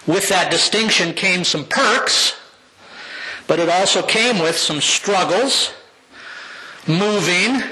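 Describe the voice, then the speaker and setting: An older man, a pastor, giving a heartfelt personal testimony to his congregation with slow, emphatic phrases. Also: sits high, sharp tone, poor audio.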